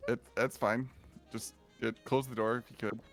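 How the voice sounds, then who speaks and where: A man playing alongside in a roleplay game, halting and awkward, stammering over his words. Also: mid-range voice, level tone, a bit bright, dry recording, soft background music. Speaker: fellow roleplayer.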